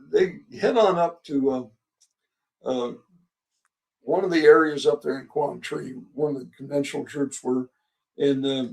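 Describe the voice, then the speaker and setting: A man in his seventies, a veteran guest, tells a long story with many halting pauses and chuckles. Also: on the high side, darkish tone, recorded from a distance. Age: 70s. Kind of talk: storytelling interview.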